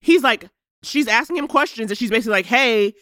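A woman's voice: a little high, quick pace, dry recording. An emphatic woman in casual recap chat, her voice leaping up and down as she acts out characters. The sound is dry and close, with no room around it. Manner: animated and emphatic, voices characters while retelling. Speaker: podcast co-host.

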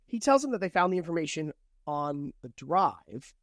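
A man co-hosting a podcast, casually recapping and discussing a book in a relaxed, chatty way. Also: on the high side, moderate pace, no echo, clean studio sound. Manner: relaxed, chatty, laughs often. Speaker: podcast co-host.

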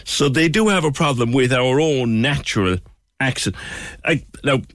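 A man's voice: medium pitch, normal speed, a bit bright, no echo, clean studio sound. A man with an Irish accent, a radio host chatting in an exasperated, scathing way. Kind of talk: opinionated radio chat.

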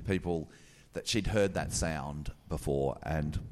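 A middle-aged Australian comedian telling crude, animated stories on a live podcast. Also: male voice, rumbling low, takes it slowly, a little hiss or hum. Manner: crude, animated yarn-spinning. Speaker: comedian guest.

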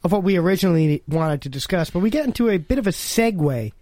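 A man co-hosting a casual podcast, firing back quick argumentative retorts. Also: high-pitched, lively intonation, a little mellow, no room sound. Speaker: podcast co-host. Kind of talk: casual chat.

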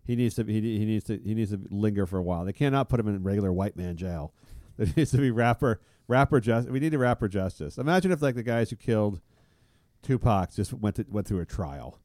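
A man's voice: lowish voice, animated, brisk, mellow, dry recording, clean studio sound. A man hosting a comedy podcast, crude and joking, laughing often and restarting his sentences. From Alaska. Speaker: podcast host. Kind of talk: casual comedic chat.

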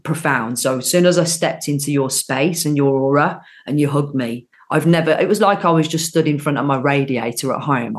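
A woman with a Birmingham accent hosting an interview show, speaking in a gushing, emphatic way with frequent restarts. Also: low-pitched. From Birmingham, England. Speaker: podcast host. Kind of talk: effusive interview chat.

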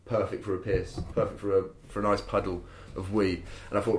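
Man, young, lowish voice, rambling sweary storytelling, echoey room. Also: little pitch movement, a little fast, hardly any pauses. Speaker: podcast guest telling a story. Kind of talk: casual chat. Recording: roomy echo.

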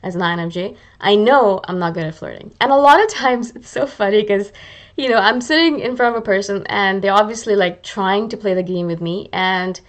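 A woman's voice: mid-range voice, a little fast. A woman hosting a podcast in a chatty, self-mocking monologue, acting out her own thoughts as she talks. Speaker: podcast host. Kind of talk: casual monologue.

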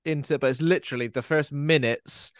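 A man co-hosting a podcast in casual chat, lively, with quick asides that sometimes trail off quietly. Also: fairly high pitch, no room sound, studio quality. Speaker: podcast co-host.

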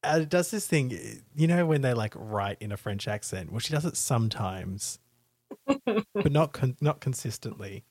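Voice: medium pitch, very animated, moderate pace, darkish tone, slightly rough, dry recording. A podcast co-host wryly recapping a book in casual, rambling chat. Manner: wry, rambling, trailing recap with fillers.

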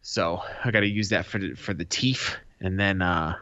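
A man co-hosting a podcast, telling a story in a casual, animated way and swearing freely. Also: low voice, normal speed, no echo. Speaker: podcast co-host. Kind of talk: casual chat. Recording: dull lo-fi sound.

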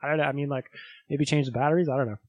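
A man's voice: a little high, steady tone, rapid-fire, no room sound. A man from Canada hosting a podcast in casual, chatty talk, laughing easily. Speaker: podcast host.

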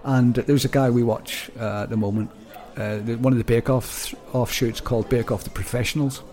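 A man's voice: mid-range voice, steady tone, moderate pace, darkish tone. A middle-aged man from Northern Ireland with a Belfast accent, rambling and self-deprecating in a casual chat as podcast co-host.

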